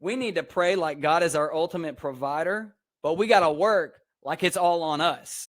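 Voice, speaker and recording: Podcast guest: young Texan man, upbeat and preachy, slightly raised pitch. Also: normal speed. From Texas. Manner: energetic, preachy, laughs often. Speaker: podcast guest, speaker and personal trainer. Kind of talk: casual podcast interview.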